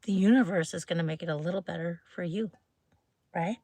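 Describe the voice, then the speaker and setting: A woman chatting on a live stream, bubbly and loose, saying "like" again and again as she greets people. Her voice is bright and forward, and it sounds close and dry with no room around it. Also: medium pitch, fairly quick, dry recording. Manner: chatty, bubbly, full of "like" fillers, greets viewers. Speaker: livestream host. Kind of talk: casual live-stream chat.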